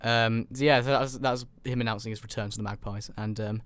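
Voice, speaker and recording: Chatty man with a smooth voice. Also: fairly low pitch, steady tone, a little fast, fairly bright tone, no room sound. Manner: joking, rambling, with many fillers. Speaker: podcast co-host. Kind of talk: casual football chat.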